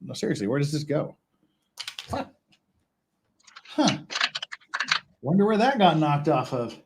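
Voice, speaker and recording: A man's voice: a little high, big pitch swings, fast talker, background noise. A man hosting a casual livestream, rambling and chuckling as he builds Lego and counts pieces aloud. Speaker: stream host.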